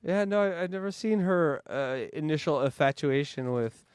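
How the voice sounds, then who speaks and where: A man's voice: on the high side, animated, normal speed, a little mellow, smooth, no room sound. A man hosting a casual comedic podcast, bantering with laughs and swearing. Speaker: podcast host.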